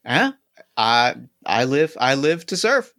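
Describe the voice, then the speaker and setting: A man voicing an obliging male service android, talking in a flat, formal robotic monotone. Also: medium pitch, slow, no room sound, clean studio sound, full character voice.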